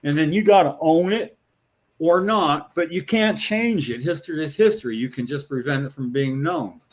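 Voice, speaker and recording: A man's voice: on the high side, moderate pace, highs cut off. A man, a show co-host, talking casually about politics, outraged and emphatic, swearing freely. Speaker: podcast co-host, patient rights advocate. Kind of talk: heated casual political talk.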